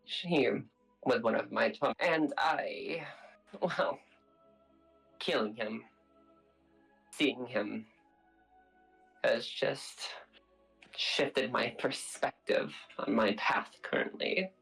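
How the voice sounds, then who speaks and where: Player doing a brooding vampire lady, quiet and intense, slips into whispers, soft music behind. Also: mid-range voice, extremely slow, vocal fry, long pauses, husky, heavily acted, poor audio. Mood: grim, vengeful. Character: brooding vengeful vampire woman, soft-spoken. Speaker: player character.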